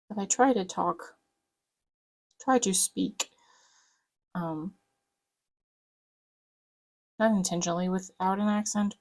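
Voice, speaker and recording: A woman's voice: lowish voice, vocal fry, low-quality recording. A woman with a light Southern US accent, rambling in a chatty, casual way while she works on a planner. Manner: rambling, chatty, lots of fillers. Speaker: planner vlogger.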